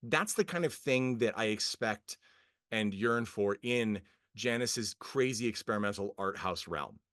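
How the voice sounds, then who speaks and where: A man's voice: lowish voice, expressive, a little slow, fairly bright tone, no room sound, studio quality. A man co-hosting a podcast, reviewing a film in casual chat, rambling with many fillers and restarts, amused and often laughing. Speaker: podcast co-host.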